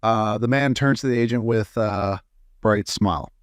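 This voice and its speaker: A man's voice: lowish voice, moderate pace, clear, resonant tone, no room sound, studio quality. A man reading a string of jokes aloud in a casual storytelling way, with small slips and fillers. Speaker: joke reader.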